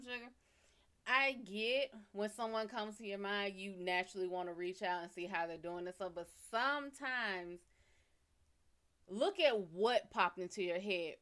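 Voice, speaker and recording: A woman's voice: medium pitch, unhurried, a bit bright, clean tone. A woman hosting a live psychic reading stream, giving casual advice bluntly and swearing freely. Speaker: psychic reader and livestream host.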